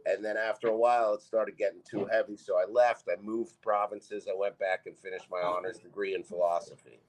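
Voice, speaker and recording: A man's voice: fairly low pitch, fairly even intonation, brisk, low-quality recording. A man from Canada, a comedian appearing as a podcast guest, who tells rambling comic anecdotes in casual talk. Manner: rambling anecdotes with bursts of laughter.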